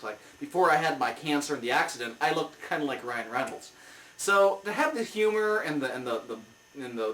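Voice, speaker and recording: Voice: mid-range voice, fairly bright tone. Exasperated comic-review host, ranting. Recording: roomy, mic at a distance.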